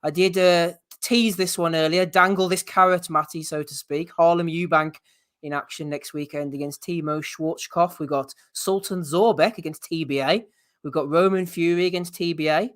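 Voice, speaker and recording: A man's voice: fairly high pitch, steady tone, normal speed, no room sound, studio quality. A man hosting a casual boxing podcast, reading out names from the live chat and steering the show along. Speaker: podcast host.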